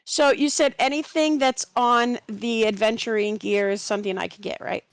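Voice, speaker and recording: A woman playing a tabletop game talks in a hesitant, self-deprecating way. Her fairly high voice has a gravelly edge. The sound is close and dry. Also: fairly even intonation, normal speed, no room sound. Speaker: player. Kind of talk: casual chat.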